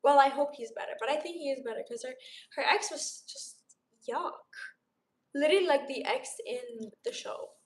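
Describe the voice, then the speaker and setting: High-voiced chatty woman in an echoey room. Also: normal speed. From Romania. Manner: bubbly, gushing, chatty, replying to chat aloud. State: sore throat. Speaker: livestream host. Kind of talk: casual live-stream chat with viewers. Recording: roomy echo.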